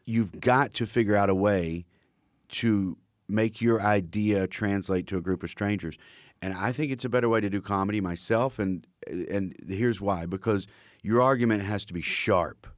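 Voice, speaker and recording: Low-voiced Southern US comedian, analytical. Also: male voice, moderate pace, no room sound, clean studio sound. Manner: analytical, building an argument. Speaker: stand-up comedian. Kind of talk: casual conversation.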